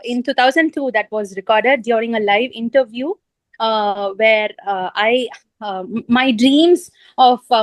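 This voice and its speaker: A woman composer and singer on a video call, out of breath at a railway station, talking haltingly with many fillers and apologies. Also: fairly high pitch, no room sound, rough recording. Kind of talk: video call panel talk.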